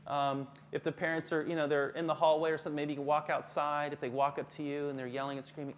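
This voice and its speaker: A man's voice: fairly high pitch, little pitch movement, quick pace, hardly any pauses, slight background noise. A middle-aged man leading a live workshop for teachers, joking and conversational, often putting questions to the audience. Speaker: counselor giving a workshop to teachers.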